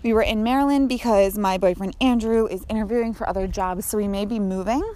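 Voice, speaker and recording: A woman's voice: mid-range voice, fast, mellow. Breathless young woman podcasting on a walk. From Connecticut. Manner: chatty and upbeat, speaks to listeners directly. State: a little out of breath. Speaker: podcast host. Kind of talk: casual podcast talk. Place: outdoors, walking laps. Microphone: phone.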